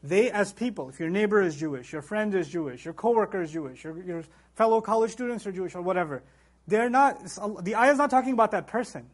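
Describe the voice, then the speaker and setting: Fast-talking man giving a religious lecture. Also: high voice, animated. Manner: emphatic, acts out quoted voices; recites Arabic verses. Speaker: Quran teacher.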